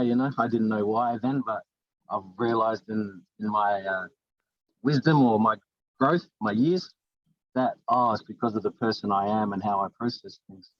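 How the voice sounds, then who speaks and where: A middle-aged New Zealand life coach with a New Zealand accent speaks earnestly in a casual interview, rambling and frequently restarting his sentences. His voice is fairly low. The recording has no room sound, and the highs are cut off.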